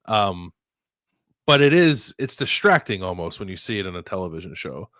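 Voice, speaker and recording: Bright, low-voiced man from Philadelphia. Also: very animated, moderate pace, no room sound, clean studio sound. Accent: light Philadelphia. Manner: laughs easily, agreeable. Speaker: podcast co-host. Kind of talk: casual chat.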